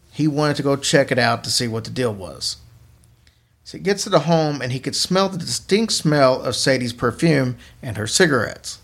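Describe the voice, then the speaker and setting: Gravelly male podcast storyteller. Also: mid-range voice, a bit bright. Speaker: podcast host telling ghost stories. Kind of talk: casual storytelling chat.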